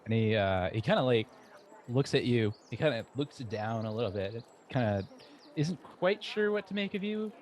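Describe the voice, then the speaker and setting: A man narrating as game master of a tabletop game, describing scenes haltingly with many fillers. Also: medium pitch, animated, darkish tone, slight background noise. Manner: halting, lots of "uh" and restarts while describing scenes.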